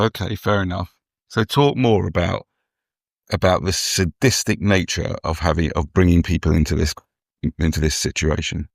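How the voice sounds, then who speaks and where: A man's voice: low-pitched, creaky, dry recording, studio quality. A man talking casually on a podcast, hesitant, restarting his sentences and stumbling over words. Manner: hesitant, full of restarts and fillers. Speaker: podcast co-host. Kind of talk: casual chat.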